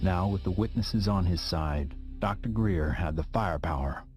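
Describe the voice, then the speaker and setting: A man giving a grave, measured scripted narration for a documentary. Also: deep voice. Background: music.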